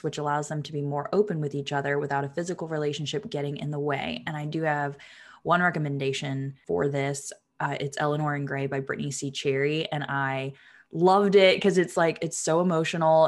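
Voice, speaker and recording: A woman co-hosting a casual book chat, talking in a chatty way with lots of filler words. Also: sits low. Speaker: podcast co-host. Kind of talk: casual chat about books.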